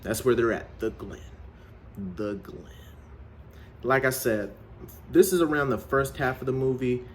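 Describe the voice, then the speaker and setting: A man talks through a movie in a relaxed, slangy way, peppering his sentences with "you know" as he recaps the plot. He speaks at a mid pitch and tells the story with plenty of animation. The whole thing plays like an off-the-cuff review. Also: normal speed, slight background noise. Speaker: film reviewer.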